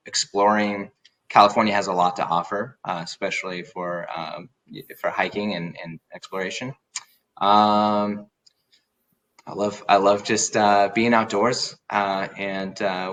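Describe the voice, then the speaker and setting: A man's voice: low voice, fairly bright tone. A man, a winemaker guest in a podcast interview, talking casually with many fillers and restarts.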